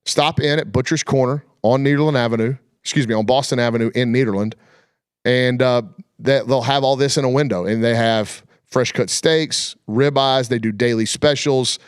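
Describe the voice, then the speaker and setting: A man's voice: medium pitch, moderate pace, smooth, no echo, clean studio sound. A man hosting a sports talk show, chatting casually in a folksy, colloquial storytelling way. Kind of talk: casual chat.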